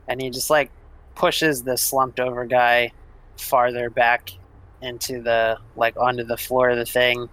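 A man's voice: mid-range voice, level tone, a little slow, fairly bright tone, dry recording, poor audio. A man narrating casually as game master, with loose phrasing and fillers.

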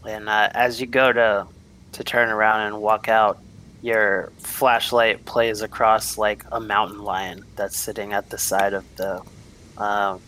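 A man's voice: lowish voice, sharp tone, slight background noise, low-quality recording. A man narrating a tabletop game as game master, describing scenes and playing the people the players meet.

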